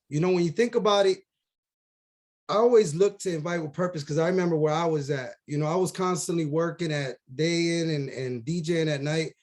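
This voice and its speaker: A man's voice: a little high, a little mellow. A man on a video call earnestly telling a motivational story and acting out the voices of its characters. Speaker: team member.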